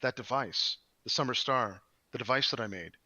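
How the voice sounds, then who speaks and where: A man's voice: mid-range voice, normal speed, bright, forceful tone, no room sound, lo-fi sound. Man voicing an arrogant wizard inventor.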